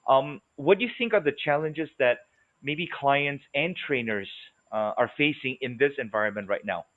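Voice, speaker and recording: A man's voice: medium pitch, normal speed. A man co-hosts a casual live interview and asks long, rambling questions padded with fillers. His voice comes through a thin, phone-like line. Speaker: co-host. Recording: phone-like call audio.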